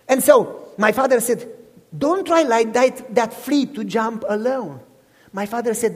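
A man preaching, his voice swinging widely in pitch as he acts out conversations. The tone is somewhat husky, and a long reverb trails each phrase from the large hall he speaks in. He keeps turning to the congregation to ask if they follow. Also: moderate pace. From Romania. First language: Romanian. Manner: animated, acts out dialogue, asks listeners "you follow me?". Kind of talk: storytelling sermon.

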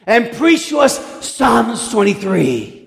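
A preacher voicing a drunk man who loudly makes demands in a slow, drawn-out shout. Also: high-pitched, big pitch swings, vocal fry, big-room sound, voice pushed up, exaggerated voice. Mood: demanding.

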